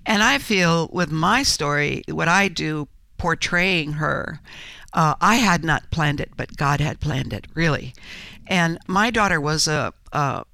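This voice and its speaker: An older woman telling her story as an interview guest, earnest and halting, with frequent restarts. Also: low-pitched, gravelly, bright, forceful tone, smooth, dry recording. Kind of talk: interview conversation.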